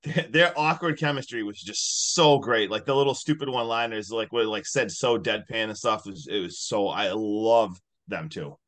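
A man co-hosting a podcast, excitedly retelling movie scenes in casual chat. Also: lowish voice, normal speed, hardly any pauses. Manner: excitable storyteller, acts out scenes. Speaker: podcast co-host.

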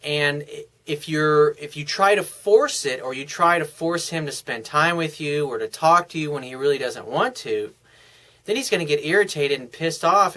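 A man's voice: a little high, a bit bright. A man giving frank, blunt relationship advice in a casual, coaching monologue.

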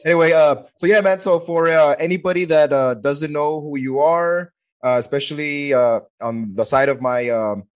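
A man's voice: fairly high pitch, steady tone, normal speed. Hesitant male host, full of "uh"s. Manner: hesitant, many "uh" fillers. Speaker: podcast host. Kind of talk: casual conversation.

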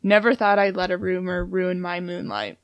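A woman's voice: lowish voice, little pitch movement, moderate pace, clear, resonant tone, dry recording, highs cut off. A young woman co-hosting a podcast, chatting casually about song lyrics in a dry, matter-of-fact, teasing way. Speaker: podcast co-host.

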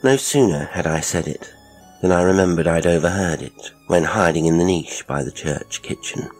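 Deep, husky horror narrator. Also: male voice. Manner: measured, low storytelling. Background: faint music.

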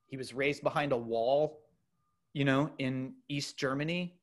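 A middle-aged man spins a personal story in relaxed conversation. He talks loosely and with energy, restarting his sentences and filling gaps with ums, at an ordinary pitch for a man. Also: a little slow. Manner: loose and animated, many fillers and restarts. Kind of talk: casual storytelling chat.

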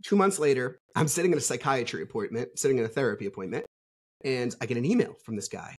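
A man's voice: medium pitch, lively intonation, quick pace, husky. A man guest on a podcast, talking casually and bluntly with plenty of swearing, telling his story candidly. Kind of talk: casual conversational interview.

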